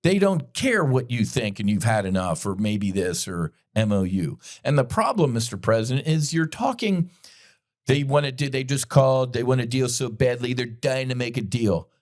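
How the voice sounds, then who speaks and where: Speaking at medium pitch and a moderate pace, this animated middle-aged podcast host delivers a blunt, impassioned monologue of commentary. He swears often and addresses his listeners directly.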